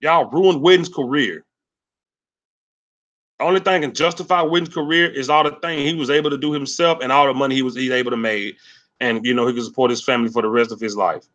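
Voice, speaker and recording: A man hosting a sports livestream, ranting angrily and cursing, swinging between loud rants and low mutters. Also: steady tone, fairly quick, muffled recording. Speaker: sports channel host. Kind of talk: profane livestream sports rant.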